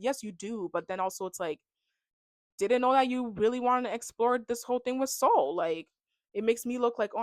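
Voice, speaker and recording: A young woman ranting casually about a reality show, full of "like" and animated reactions. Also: medium pitch, no room sound. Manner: chatty, heavy on "like", animated reactions. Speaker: reality TV recap vlogger. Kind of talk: casual rant to camera.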